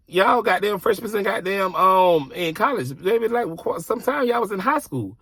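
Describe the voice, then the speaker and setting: A man's voice: high-pitched, lively intonation, a little fast, hardly any pauses, a bit bright, husky, dry recording. A man telling a personal story in a casual vlog from his car, blunt, exasperated and heavy on profanity.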